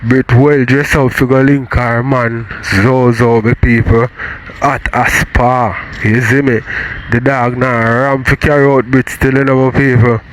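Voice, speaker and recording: A Jamaican man hosts a gossip vlog in casual patois, speaking straight to his audience. His delivery is laid-back and mid-pitched. A faint noise sits behind the voice. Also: level tone, unhurried, low-quality recording. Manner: laid-back, addresses viewers directly. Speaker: vlog host.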